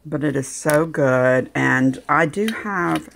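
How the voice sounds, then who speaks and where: Woman, low gravelly voice, slow and unhurried, homey kitchen vlog chat. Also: slight background noise. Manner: homey, talks to her dog in a high sing-song baby voice. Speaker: vlogger. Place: home kitchen.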